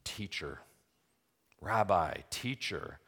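A male pastor delivers an expository sermon in a somewhat low voice. He talks emphatically, often asks rhetorical questions and addresses his listeners as friends. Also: animated, drawn-out words, vocal fry, fairly bright tone, husky.

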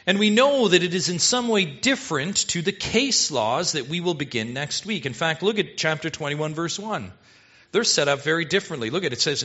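Forceful emphatic male preacher, lo-fi. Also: fairly high pitch. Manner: emphatic, rising to urgent exhortation. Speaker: pastor. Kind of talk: sermon. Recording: dull lo-fi sermon recording.

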